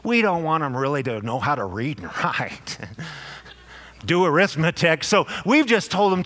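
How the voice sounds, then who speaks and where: A man preaches in a loose, conversational sermon style. His voice sits a little high, and he stumbles over repeated words and slips into quoted voices. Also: sing-song, moderate pace, fairly bright tone. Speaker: pastor.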